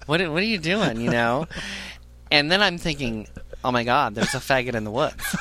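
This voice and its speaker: Animated, profane male comic storyteller. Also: medium pitch, normal speed. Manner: animated, profane, laughs at own jokes. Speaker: podcast storyteller.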